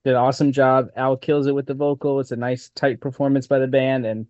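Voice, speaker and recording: A man's voice: medium pitch, little pitch movement, brisk, a little mellow, no room sound. A man co-hosting a music podcast, giving short, agreeable comments. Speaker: podcast co-host. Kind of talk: casual chat. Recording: dull dry lo-fi mic.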